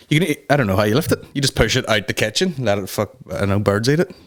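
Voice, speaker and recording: A man's voice: medium pitch, animated, very fast, few pauses. A man hosting a comedy podcast, rambling through a casual rant and swearing constantly.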